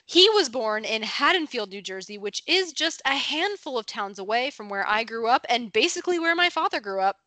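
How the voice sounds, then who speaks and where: A woman's voice: on the high side, sing-song, brisk, few pauses, pushed and bright, dry recording. A young adult woman co-hosting a casual podcast, explaining facts in a friendly, informative way and laughing easily. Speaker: podcast co-host.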